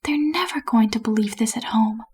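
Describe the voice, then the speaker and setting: A woman softly whispering as an excitable, naive male tourist, polite and cheerful, his voice lifted high and airy. It is a whispered role-play for a bedtime storybook, breathy and hushed throughout. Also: normal speed. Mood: excited.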